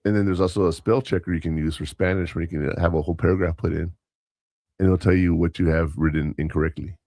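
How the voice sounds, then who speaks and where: A man's voice: low-pitched, fairly even intonation, quick pace, warm tone, no room sound, clean studio sound. A man who works as a substitute teacher, co-hosting a podcast and telling rambling stories with quoted dialogue and self-corrections. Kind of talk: casual storytelling chat.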